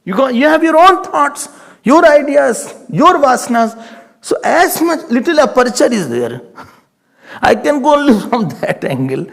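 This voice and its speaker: A swami with an Indian English accent delivers a spiritual sermon, pressing his points home through insistent repetition and the occasional Hindi word. His voice sits high for a man and swings widely in pitch, with a gravelly edge of fry. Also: moderate pace. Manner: animated, emphatic, repeats phrases, mixes in Hindi words. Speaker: swami giving a spiritual discourse.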